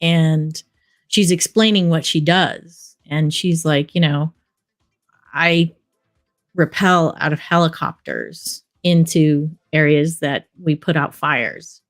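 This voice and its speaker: A middle-aged woman, a documentary director, telling stories in a relaxed interview, rambling with many fillers. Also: low-pitched, slow pace, soft background music. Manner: rambling storyteller, many fillers like "you know". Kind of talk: casual interview talk.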